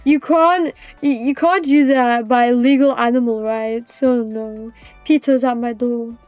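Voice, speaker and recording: British girl streamer yapping at chat, high voice, dry close mic. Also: steady tone, a little mellow, dry recording, soft background music. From Britain. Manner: chatty, rambling, teasing, quick to laugh. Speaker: livestreamer. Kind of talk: casual chat with live viewers.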